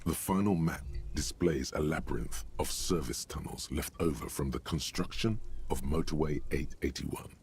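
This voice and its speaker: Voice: extremely low pitch, normal speed, few pauses, a little mellow, slight background noise, voice pushed down. A streamer putting on the voice of a solemn male narrator reading descriptive game text. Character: deep, grave male narrator of a detective game.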